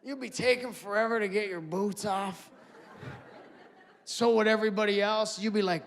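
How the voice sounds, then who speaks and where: Male stand-up comedian with a high voice, lively and loud on the punchlines, live on a stage mic. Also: normal speed, slight background noise. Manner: animated, shouts punchlines, mimics characters.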